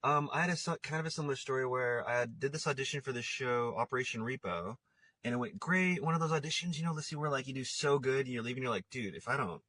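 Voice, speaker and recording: A podcast host from an Italian Scottish family talks fast in a pushed, bright, mid-range voice on a dry recording. In casual chat, he tells a rambling story full of laughs and acted-out quotes.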